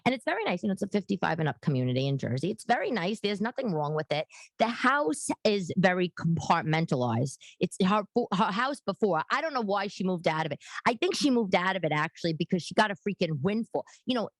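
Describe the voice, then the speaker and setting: A woman, hosting a talk show in a rambling, animated monologue full of fillers and restarts. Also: lowish voice, fairly quick, no echo. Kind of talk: casual monologue. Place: living room.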